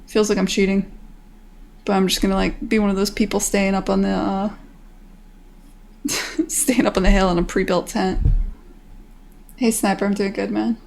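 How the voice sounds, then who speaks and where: A woman's voice: mid-range voice, level tone, normal speed, gravelly, pauses often, darkish tone. An American woman in her thirties, a game developer chatting casually on a stream in a rambling way, swearing freely.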